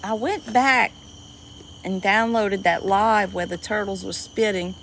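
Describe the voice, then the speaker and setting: A woman with a Cajun accent and a squeaky voice, chatting casually with viewers on a livestream from an outdoor dock at night. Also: steady tone, a little slow, vocal fry, a bit bright, a little hiss or hum, rough recording. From Louisiana. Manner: chatty, greets viewers by name, easily delighted. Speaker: livestream host. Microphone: phone livestream.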